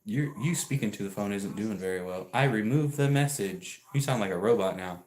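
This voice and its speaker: A somewhat low-voiced man chats live to his viewers, rambling from one story to the next and laughing often as he reads out and teases their messages. The sound bounces around an echoey room, as if he were streaming from his garage. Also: brisk, a little mellow. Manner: rambling and chatty, laughs often, talks back to chat. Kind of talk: casual livestream chat, reading viewer messages.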